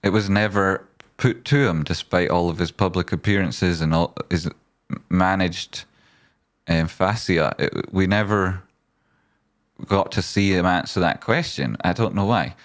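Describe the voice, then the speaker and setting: A man's voice: low voice, unhurried. A man hosting a casual stock market livestream, rambling as he talks straight to his viewers.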